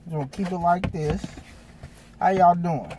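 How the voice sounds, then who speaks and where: A man's voice: high voice, moderate pace, dark tone, slight background noise. A man hosting a casual food review mukbang, talking in slangy, hyped greetings to his viewers.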